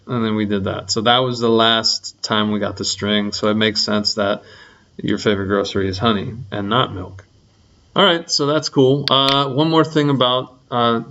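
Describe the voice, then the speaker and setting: A young man teaching a programming lesson in a relaxed, rambling way, full of ums and likes. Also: medium pitch, lo-fi sound. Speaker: coding instructor.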